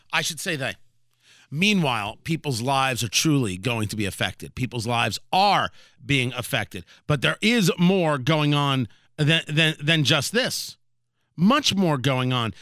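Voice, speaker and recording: Brief: sarcastic male news host, bright lively voice, dry close sound. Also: fairly high pitch, dry recording. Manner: sarcastic, animated, repeats himself. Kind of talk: comedic news commentary.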